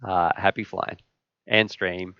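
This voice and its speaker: Man, stream host, casual and jokey, smooth voice, dry and slightly dull sound. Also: low voice, little pitch movement, takes it slowly, no echo. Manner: chatty, jokey, rambling. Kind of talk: casual live stream chat and joke telling.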